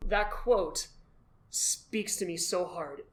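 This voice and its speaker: A man as the guest, telling his story in an animated, self-deprecating way and acting out his own past thoughts. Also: high voice, slow pace. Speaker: guest, costumed charity volunteer. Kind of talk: casual storytelling in a conversation.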